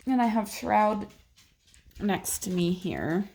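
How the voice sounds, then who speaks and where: Woman, Texan accent, casual and chatty, quick to laugh, mid-range voice. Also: medium pitch, animated, mellow, husky. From Texas. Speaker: book vlogger. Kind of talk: casual chat.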